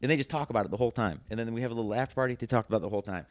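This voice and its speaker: A man spins a long, animated story on a podcast, cursing often and jumping into other people's voices to act out their lines. His voice sits at an everyday middle pitch. The sound is close and dry, with no room around it. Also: rapid-fire, no echo. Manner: animated, swears a lot, acts out quotes in other voices. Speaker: podcast guest. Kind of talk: casual storytelling chat.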